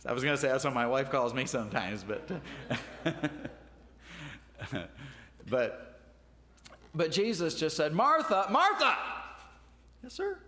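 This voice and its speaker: Guy preaching, homey and joking at himself, bright voice, echoes through the church. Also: mid-range voice, lively intonation, unhurried, pauses often. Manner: folksy, self-deprecating, repeats words as he restarts. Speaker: pastor. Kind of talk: sermon.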